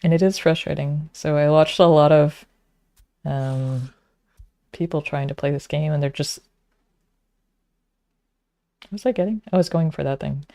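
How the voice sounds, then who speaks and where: A woman's voice: low voice, unhurried, creaky, pauses often, warm tone. A woman, talking to herself while streaming a frustrating game, muttering and sometimes whispering. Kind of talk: casual gameplay commentary.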